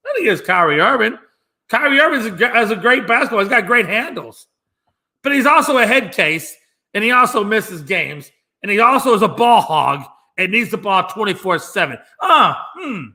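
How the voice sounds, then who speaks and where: Alone on his own sports talk show, a man rants with emphasis and mockery, repeating lines for effect. His high voice swings widely in pitch at a moderate pace, bright and forceful.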